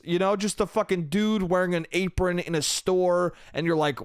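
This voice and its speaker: A young man with a high voice hosts a solo comedy podcast, spinning a profane, exasperated rant and slipping into voices for the people he quotes. He speaks right into a close mic in a dead, dry room. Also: normal speed, hardly any pauses, smooth, no echo. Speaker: podcast host.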